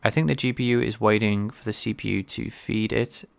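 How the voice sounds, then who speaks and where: A man livestreaming game development, thinking aloud in a halting way with many restarts. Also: lowish voice, fairly even intonation, vocal fry, no echo. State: sneezing, a bit stuffy. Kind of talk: casual livestream coding talk.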